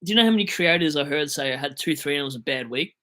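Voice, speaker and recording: A man's voice: on the high side, expressive, racing, bright, forceful tone. A young Australian man hosting a livestream, reading viewer comments aloud and rambling in a jokey, self-deprecating way. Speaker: livestream host answering viewer questions. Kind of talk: casual livestream chat.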